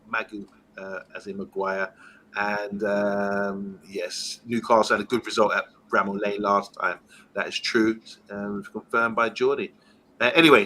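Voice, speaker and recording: A man's voice: mid-range voice, pushed and bright, a little hiss or hum, poor audio. Chatty man reading live chat. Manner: chatty, reads out viewer comments, laughs easily. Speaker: fan channel host reading live chat. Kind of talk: casual live-stream chat.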